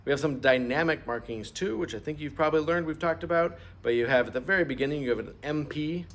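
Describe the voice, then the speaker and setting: A man's voice: on the high side, fast, fairly bright tone. A middle-aged man teaching a music lesson, patient and explaining step by step, asking students to repeat terms aloud. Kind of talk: instrument lesson walkthrough.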